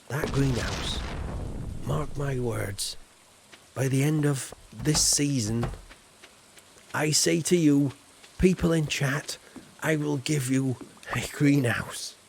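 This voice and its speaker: Gravelly, chatty man streaming a game. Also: mid-range voice, a little hiss or hum. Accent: southern English. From Yorkshire, England. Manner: chatty, playful, talks straight to chat viewers. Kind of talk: casual live-stream chat while gaming.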